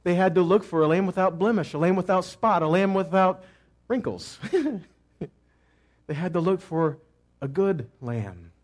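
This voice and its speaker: A man teaching a sermon who asks questions and answers them himself, moving between loud cries and quiet asides. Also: sits high, expressive, normal speed, long pauses. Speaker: messianic teacher.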